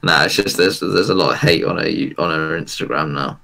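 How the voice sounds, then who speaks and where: Man, low voice, gravelly, casual stream chat, sarcastic. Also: a little fast, bright, forceful tone. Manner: sarcastic, laughs often.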